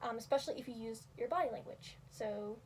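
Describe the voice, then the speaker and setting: High-voiced young woman rambling casually. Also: fairly quick, far from the mic, slight background noise. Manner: rambling, filler-heavy, self-deprecating. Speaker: video creator teaching cat vocals. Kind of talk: casual tutorial talk.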